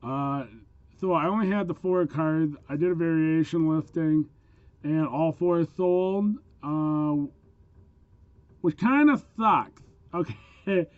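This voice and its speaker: Casual reseller vlogger, a man with hard-of-hearing speech and a cold, unhurried and dry-miked. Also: fairly high pitch, fairly even intonation, smooth, no room sound, phone-quality sound. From Minnesota, USA. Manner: chatty, with frequent ums and small laughs. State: voice rough from a cold. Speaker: eBay reseller. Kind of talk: casual sales vlog.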